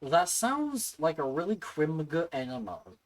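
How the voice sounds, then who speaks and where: A woman's voice: deep voice, very animated, slow, low-quality recording. A woman streaming a video game, chatting casually and playfully with viewers in a self-mocking way.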